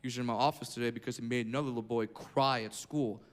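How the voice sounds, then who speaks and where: A man's voice: medium pitch, fairly even intonation, quick pace, smooth, voice pushed down, lightly acted. A comedian playing a stiff, officious male school principal in a stand-up bit.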